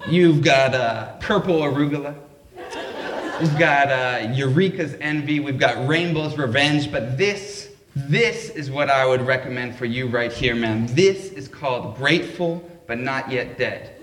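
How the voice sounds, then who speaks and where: Easygoing male clerk voiced by a man, smooth sales patter, roomy echo. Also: mid-range voice, a little slow, fairly bright tone, slight background noise, close to an everyday voice. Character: laid-back tall bearded male shop clerk.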